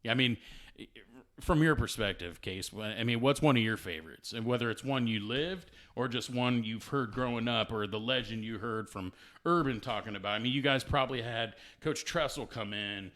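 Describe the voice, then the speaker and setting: A man's voice: mid-range voice, normal speed, fairly bright tone. A man hosting a casual podcast, joking, swearing and laughing as he leads the talk. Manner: joking, profane, laughs often. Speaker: podcast host. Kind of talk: casual chat.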